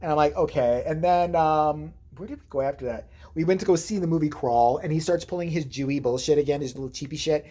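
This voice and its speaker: A woman's voice: low-pitched, quick pace, warm tone. A woman vlogger telling a rambling, profane story in casual chat, acting out the people she quotes.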